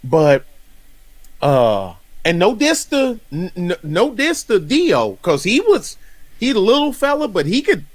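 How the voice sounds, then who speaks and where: Man in his fifties, from North Carolina, podcast host, rambling storyteller, slightly high voice, dry close sound. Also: measured pace, no echo. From North Carolina, USA. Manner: rambling, animated storyteller who laughs often. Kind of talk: casual chat.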